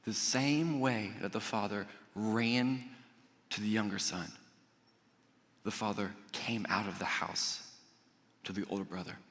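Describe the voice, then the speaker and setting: A male pastor preaching a sermon in a conversational storytelling way, dropping to soft, earnest emphasis. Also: fairly low pitch, steady tone, measured pace, long pauses. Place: church auditorium. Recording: echoey church hall.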